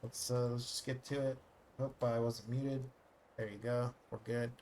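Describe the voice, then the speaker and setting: A man's voice: mid-range voice, little pitch movement, normal speed, a little mellow, slight background noise. A man chatting casually while live-streaming a video game, rambling with lots of fillers and joking at his own expense. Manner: rambling, filler-heavy and self-mocking.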